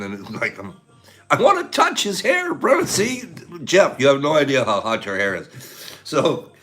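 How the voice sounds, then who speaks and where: A man hosting a casual livestream, speaking in a slightly high voice that swings animatedly up and down. He gushes and laughs easily as he talks to his viewers. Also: a bit bright. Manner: effusive, gushing, laughs often. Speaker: livestream host.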